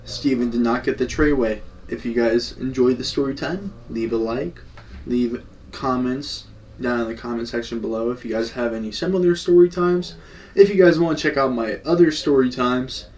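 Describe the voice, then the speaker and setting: A man's voice: medium pitch, normal speed, far from the mic, slight background noise. A young man telling a story in casual slang, acting out the quotes. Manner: slangy, animated, acts out quotes. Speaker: storytime vlogger.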